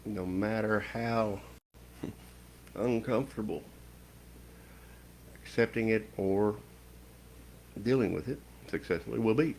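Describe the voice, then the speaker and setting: A man giving a slow, stern spiritual lecture with long pauses, preaching in a measured voice. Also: lowish voice, vocal fry, darkish tone, a little hiss or hum, low-quality recording. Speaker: occult teacher.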